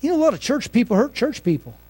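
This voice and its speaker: A middle-aged male pastor delivers a folksy sermon in a notably high voice. He swings between raised, emphatic lines and quiet, hushed asides. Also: sing-song, quick pace, slightly rough.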